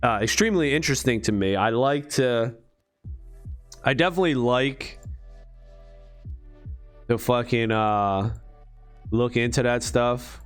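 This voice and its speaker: A man's voice: medium pitch, unhurried, pauses often, faint music behind. A man talking to his channel in a rambling, profane monologue full of rhetorical questions. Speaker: crypto vlogger.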